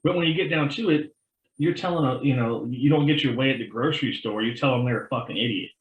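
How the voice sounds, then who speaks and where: A man's voice: medium pitch, fast talker, roomy sound, lo-fi sound, a little hiss or hum. A man co-hosting a podcast in casual chat, rambling with many restarts and acting out the people he quotes. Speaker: podcast co-host.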